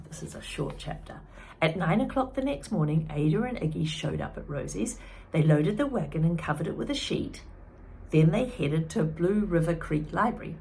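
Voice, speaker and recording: A woman teacher reading a chapter book aloud expressively, pausing to comment to her listeners. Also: fairly low pitch, creaky, darkish tone, slight background noise. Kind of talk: storybook read-aloud.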